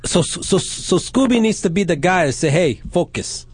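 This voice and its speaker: A male radio host with a high voice, talking in a loose, rambling way full of crude jokes. The sound is close and dry, with no room around it. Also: animated, fairly quick, breathy edge, no echo. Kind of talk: loose profane radio banter.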